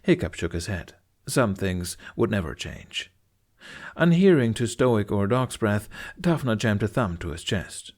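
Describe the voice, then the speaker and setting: A man narrating a fantasy audiobook in an expressive storytelling style. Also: lowish voice, measured pace. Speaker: audiobook reader.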